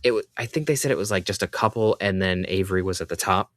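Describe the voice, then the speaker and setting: A man's voice: low voice, fast, no room sound, clean studio sound. A man co-hosting a podcast, casually recapping with lots of fillers and restarts. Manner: rambling, filler-heavy recaps. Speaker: podcast co-host. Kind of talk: casual chat.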